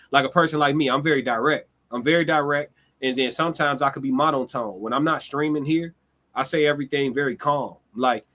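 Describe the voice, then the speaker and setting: A man's voice: medium pitch, a bit bright. A young adult man, hosting a casual live-stream monologue in a conversational, reflective way, swearing freely. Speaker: livestream host.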